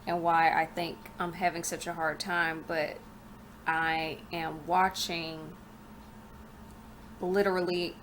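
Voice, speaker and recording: A young woman in a home vlog with a somewhat low voice, talking freely and venting with frank asides, her words a little mushy from a retainer. There is a faint hiss of background noise, as from a camera mic in a living room. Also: little pitch movement, slow pace, long pauses, fairly bright tone. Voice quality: slightly slurred speech from a retainer. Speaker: vlogger. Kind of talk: casual chat vlog.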